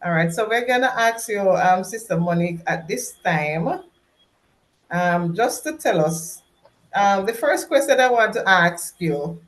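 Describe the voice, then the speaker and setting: A woman with a Jamaican accent hosting a casual faith-based interview, laughing often and filling pauses with "um" and "all right". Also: mid-range voice, lively intonation. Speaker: host.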